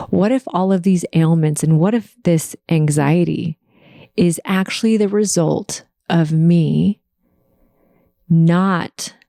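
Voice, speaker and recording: A woman hosts her podcast and shares a personal story in a heartfelt, faith-focused way. She speaks slowly, with a gravelly edge to her voice. The sound is close and dry. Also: on the low side, dark tone, no echo. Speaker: podcast host.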